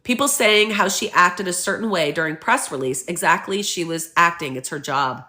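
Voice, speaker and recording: A woman vlogger giving opinionated casual commentary in an animated, emphatic way, acting out the people she quotes. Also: lowish voice, moderate pace.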